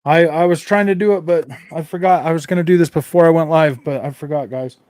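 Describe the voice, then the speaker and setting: A man hosts a casual gaming livestream, chatting to viewers and rambling as he goes. His voice sits fairly high for a man and keeps coming back to the same lines. The sound is close and dry, with no room around it. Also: steady tone, fast talker, a little mellow, no echo. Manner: rambling, repeats himself, laughs often. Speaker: gaming channel host.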